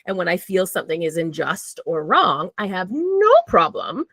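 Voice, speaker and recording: A woman's voice: lowish voice, sing-song, normal speed, a bit bright, dry recording. A woman talking candidly and casually as a podcast guest, swearing freely and acting out her own thoughts. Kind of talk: casual conversation.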